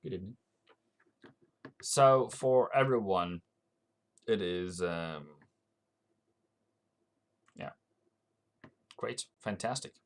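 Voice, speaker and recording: A man's voice: fairly low pitch, expressive, extremely slow, long pauses, a little hiss or hum. A man with a Norwegian accent giving rambling live-stream market commentary, thinking aloud with frequent restarts. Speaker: forex trading streamer.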